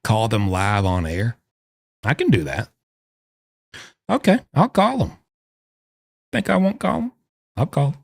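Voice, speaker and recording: A man's voice: mid-range voice, big pitch swings, unhurried, gravelly, pauses often, no room sound, clean studio sound. A man chatting casually and playfully with his live-stream audience. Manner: playful, joking banter with chat. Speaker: livestreamer.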